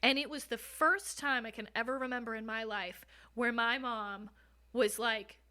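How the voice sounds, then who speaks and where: A young woman talks openly as a podcast guest, her voice fairly high and bright. She tells hard personal stories in a frank, casual way, swearing freely and laughing at times. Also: fairly even intonation, normal speed, smooth. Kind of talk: candid conversational storytelling.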